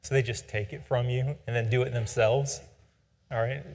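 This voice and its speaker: A man in his forties tells a personal story in a casual, rambling way. He pokes fun at himself in an average-pitched voice. His voice trails off into a long reverb. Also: steady tone, normal speed, darkish tone. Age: 40s. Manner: rambling, self-deprecating, humorous.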